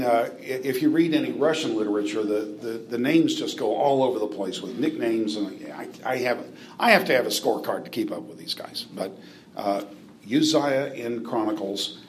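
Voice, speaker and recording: A man's voice: mid-range voice, a little hiss or hum. A man from the United States giving a classroom Bible lecture in a conversational way, with fillers, asides and questions to the class. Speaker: Bible teacher.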